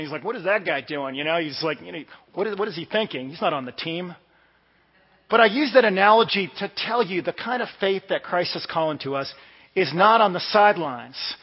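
A man from the Washington DC area preaching a sermon in a conversational, storytelling way. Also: high-pitched. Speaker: pastor. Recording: dull sound with long hall reverb.

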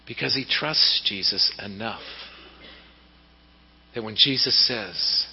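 A male pastor preaching a sermon in an animated storytelling manner, heard in a church hall on a dull recording. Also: fairly low pitch, slow, husky. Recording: reverberant hall, dull lo-fi sound.

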